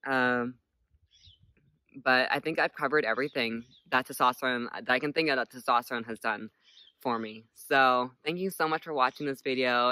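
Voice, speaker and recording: A man in his late twenties chats to camera in a casual, hesitant way, leaning on "like" and "um". His voice is bright and smooth, and the sound is dry and close. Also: mid-range voice, no room sound. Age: late 20s. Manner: hesitant, many "like" fillers. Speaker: vlogger.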